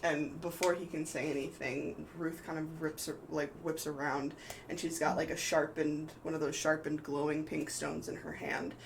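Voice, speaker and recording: A man's voice: fairly high pitch, little pitch movement, moderate pace, creaky, poor audio. Male game master, casual rambling narration, faint background noise. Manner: loose, filler-heavy narration.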